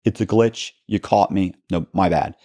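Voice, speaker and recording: A man telling a story as an interview guest, acting out quoted dialogue with halting restarts. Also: low-pitched, mellow, no room sound, studio quality.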